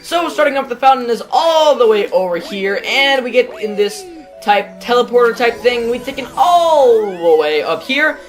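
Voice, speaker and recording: A chatty woman hosts a let's play, talking through the game in a casual way and swearing freely. Her voice is fairly high and very lively, rising and falling as she goes. Faint game music runs underneath. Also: moderate pace, low-quality recording.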